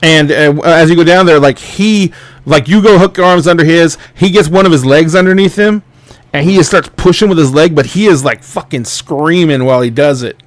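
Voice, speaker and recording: A man's voice: on the high side, a little fast, dry recording. A man running a tabletop game as game master, narrating the action in a loose, rambling way with restarts.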